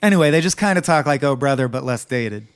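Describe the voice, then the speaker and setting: A man's voice: mid-range voice, animated, fast talker, smooth. A man co-hosting a podcast, talking through a film in casual, enthusiastic chat with the odd swear. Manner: enthusiastic, quotes dialogue and swears freely. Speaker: podcast co-host.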